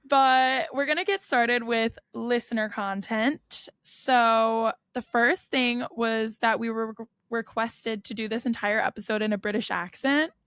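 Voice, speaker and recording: Gravelly-voiced young American woman, chatty. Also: a little high, fairly even intonation, measured pace, hardly any pauses, a bit bright, no echo. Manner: chatty storyteller, frequent laughs and "like" fillers. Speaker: podcast co-host. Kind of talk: casual chat.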